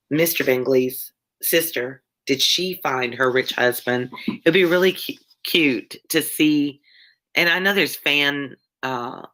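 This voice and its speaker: A woman's voice: sits low, a bit bright. A tired woman with a Southern American accent, an ESL teacher chatting casually and rambling with viewers between chapters. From Michigan. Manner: chatty, meandering, drawling when tired. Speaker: ESL teacher and read-along host.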